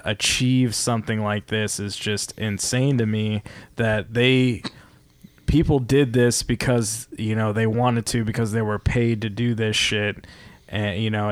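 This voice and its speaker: A man's voice: medium pitch, clear, resonant tone, no echo. A man hosting a podcast, talking in a rambling, casual way with lots of fillers and swearing. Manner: rambling, profane, many fillers. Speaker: podcast host. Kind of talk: casual chat.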